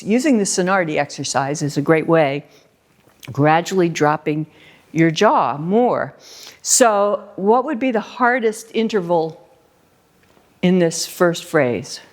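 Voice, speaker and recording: A woman's voice: lowish voice, lively intonation, measured pace. A middle-aged woman teaching a flute masterclass, coaching a student and singing short syllables to show how a phrase should move.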